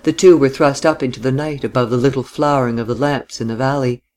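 A man reading a literary novel aloud in a measured, deliberate audiobook narration. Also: mid-range voice, steady tone, darkish tone.

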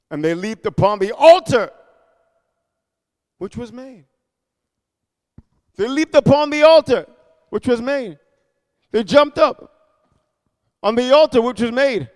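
A preacher man with a strikingly high voice that sounds smooth and resonant. He reads scripture fervently, swinging between shouts and hushed asides, and keeps calling out for amens. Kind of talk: sermon reading and explaining scripture.

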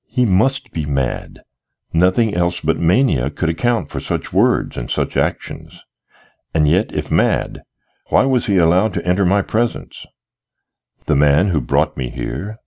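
A man narrating a period novel in the first person, with a deep voice that moves through lively, wide swings of pitch. His reading is expressive and climbs toward agitated pleading whenever the dialogue heats up. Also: measured pace, creaky. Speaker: audiobook narrator.

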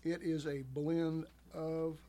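A man's voice: on the high side, little pitch movement, slow pace, dark tone. A man presenting wines on a radio chat show, reading out prices, vintages and blends. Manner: reads out wine details. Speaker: wine presenter. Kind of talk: casual chat.

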